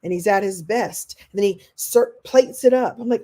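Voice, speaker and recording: Mellow-voiced woman coaching a live class. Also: medium pitch, moderate pace, few pauses. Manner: animated, acts out quoted voices; reads and answers viewer comments. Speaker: motivational coach. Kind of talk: live online masterclass.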